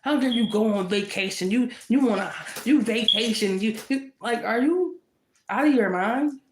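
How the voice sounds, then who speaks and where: A woman's voice: a little high, moderate pace, reverberant, slight background noise, poor audio. A woman giving a fiery, confrontational tarot reading, repeating herself for emphasis. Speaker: tarot reader.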